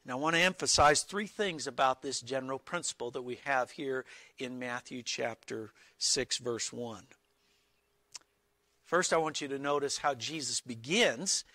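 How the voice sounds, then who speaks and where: A man's voice: medium pitch, bright, forceful tone, no echo. A man preaching an earnest expository sermon, reading Bible verses and stressing key words with small restarts. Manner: slow, deliberate with small restarts.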